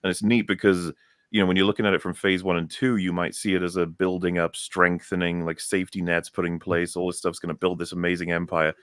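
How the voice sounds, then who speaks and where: A deep-voiced man chatting on a panel show, animated and blunt, with the odd casual curse thrown in. His voice sounds very dry and close, with no room echo at all. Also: quick pace, clear, resonant tone.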